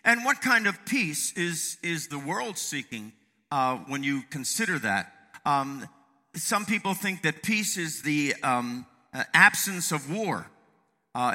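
Male preacher, fairly high and very bright voice, hesitant with lots of ums, church hall reverb. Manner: halting, with many fillers and restarts; soft and reflective at the start, rising to fervent preaching. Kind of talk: sermon. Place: church sanctuary.

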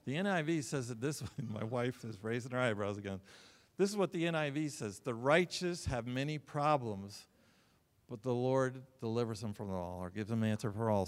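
A middle-aged male pastor delivering a sermon, telling stories with sudden loud bursts and joking asides. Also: fairly high pitch. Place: church sanctuary. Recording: long hall reverb.

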